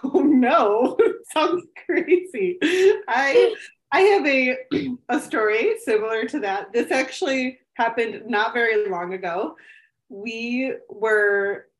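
A woman in her thirties co-hosting a podcast, her voice sitting high and bright as she rambles through an animated story, leaning on fillers at every turn. The recording carries a noticeable echo from the room around her. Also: slow. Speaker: podcast co-host. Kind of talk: casual chat. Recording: echoey room.

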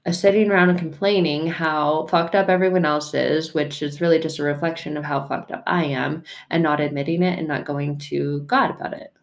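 Frank, low-voiced woman podcaster. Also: fairly even intonation, fairly quick, few pauses. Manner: frank, swears casually, heartfelt and conversational. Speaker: podcast host. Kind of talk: candid faith podcast talk.

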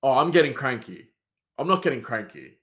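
A man's voice: mid-range voice, very animated, a little fast, a bit bright. A man, hosting a solo podcast in a rambling, self-mocking chat that answers itself. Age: 30s. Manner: rambling, self-mocking, talks back to himself. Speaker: podcast host.

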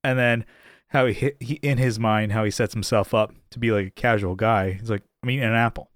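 A man's voice: lowish voice, normal speed, no echo, clean studio sound. A man co-hosting a podcast in casual chat, retelling stories and acting out the quotes in raised voices. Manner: animated storyteller, acts out quotes in raised voices. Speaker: podcast co-host.

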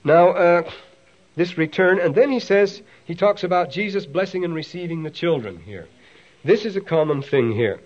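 Speaking at normal speed in a high voice, a man lectures to a class, though the recording's highs are cut off. He digresses often and restarts, giving quoted passages an animated reading.

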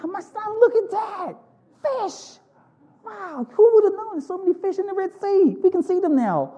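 An awestruck Israelite father gasps at the miracle around him, as a preacher puts him on. The voice jumps far above a man's normal pitch, with breathless exclaiming wonder. The tone stays soft and mellow. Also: expressive, moderate pace, lo-fi sound. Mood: amazed.

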